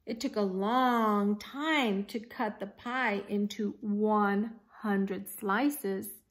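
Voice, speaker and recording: A woman whose voice is on the high side reads a children's picture book aloud as a teacher. Her read-aloud is expressive, and she pauses to ask her young listeners questions.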